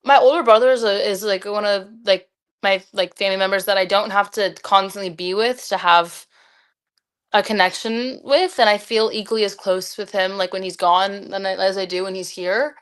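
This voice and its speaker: A woman's voice: mid-range voice, fairly even intonation, moderate pace, fairly bright tone, clear, resonant tone. A seventeen-year-old girl talking with her dad in a casual chat, rambling and filling her sentences with "like". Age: teenager. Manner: rambling, filler-heavy with lots of "like". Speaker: daughter, podcast guest.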